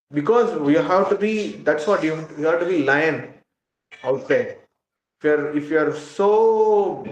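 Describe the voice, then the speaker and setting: Man teaching in an echoey room. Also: fairly high pitch. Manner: earnest, conversational, asks listeners for agreement. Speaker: spiritual class teacher. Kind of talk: informal spiritual lecture. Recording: roomy, dull lo-fi room recording.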